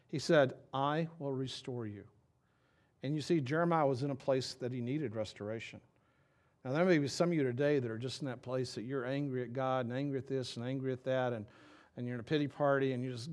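A middle-aged man preaching a sermon, reading scripture dramatically and dropping to a quiet, intimate tone. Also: medium pitch, fairly quick. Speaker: pastor.

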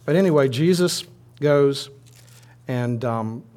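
Male preacher, informal storytelling sermon, mid-pitched voice, chatty asides. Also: slow pace, warm tone.

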